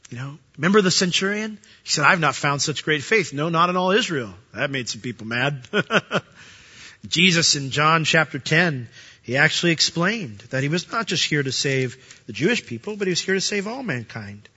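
A man preaching a sermon as pastor, animated and acting out the voices he quotes. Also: on the high side, moderate pace, breathy edge, muffled recording.

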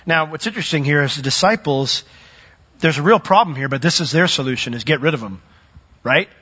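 A man preaching a sermon, animated, who acts out the voices of the people in his story. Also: on the high side, brisk, breathy edge, long reverb tail. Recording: dull lo-fi recording.

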